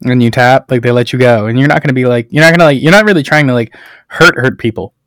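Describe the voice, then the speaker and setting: A man's voice: medium pitch, fast talker, a bit bright, no room sound. A man chatting casually, telling stories in a loose, profane, filler-heavy way. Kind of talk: casual chat.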